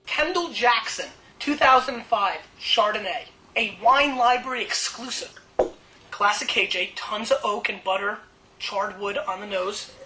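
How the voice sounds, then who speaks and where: A man hosting a casual wine tasting video, talking in a brash, blunt and excitable way. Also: high-pitched, measured pace, a little hiss or hum, low-quality recording. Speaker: host.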